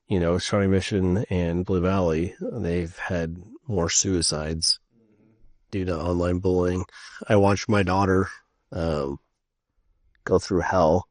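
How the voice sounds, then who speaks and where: A middle-aged man co-hosting a casual podcast chat, telling stories in an animated way and swearing freely. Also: sits low, no room sound, studio quality. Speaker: podcast co-host.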